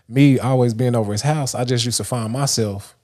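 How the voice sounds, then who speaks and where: A man's voice: medium pitch, normal speed, darkish tone. Man from Dallas giving casual pep talk. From Dallas, Texas. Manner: loose and rambling, many restarts and fillers. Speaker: livestream host. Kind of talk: casual motivational monologue.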